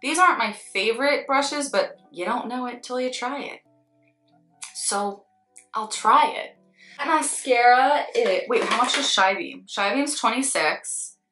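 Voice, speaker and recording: Bright chatty young woman in a roomy space. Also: fairly high pitch, a little slow. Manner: chatty, candid, wry asides. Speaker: beauty vlogger and freelance makeup artist. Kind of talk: casual unboxing chat. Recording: roomy echo, faint background music.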